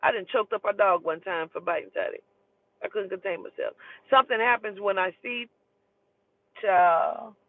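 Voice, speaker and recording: A woman's voice: mid-range voice, normal speed. Woman ranting, tinny phone-like sound. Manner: profane, emphatic and animated. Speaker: vlogger telling a story. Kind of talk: heated storytelling rant.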